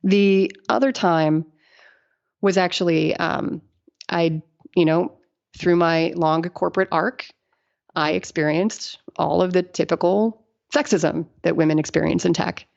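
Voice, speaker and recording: A middle-aged woman engineer, guesting on a podcast, speaks in a lowish, somewhat mellow voice with fairly even intonation, an unhurried pace and vocal fry. She tells stories in casual interview talk, laughing often and acting out the people she quotes, over dull lo-fi podcast audio.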